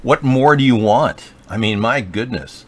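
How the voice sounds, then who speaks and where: A man's voice: mid-range voice, unhurried. Sarcastic male livestream host. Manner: sarcastic, joking, rambling. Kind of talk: rambling political livestream chat.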